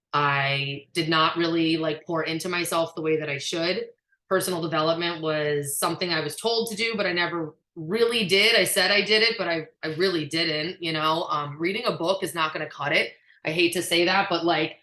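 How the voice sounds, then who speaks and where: A woman with a lowish, forceful voice speaks candidly and emphatically to her team, sprinkling in filler words and occasional swearing. The sound comes through an echoey room. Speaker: direct-sales team trainer. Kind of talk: casual motivational talk.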